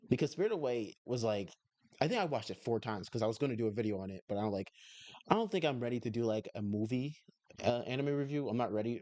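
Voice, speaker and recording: A man's voice: medium pitch, a little mellow, no room sound. A man live-streaming, casually reacting to an anime review video in a laid-back, slangy way.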